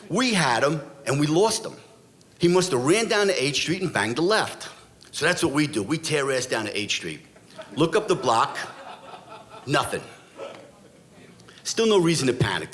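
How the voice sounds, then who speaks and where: Lively, animated storytelling man. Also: medium pitch. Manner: animated, dramatic, blunt street talk. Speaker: storyteller, former police officer. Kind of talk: live stage storytelling.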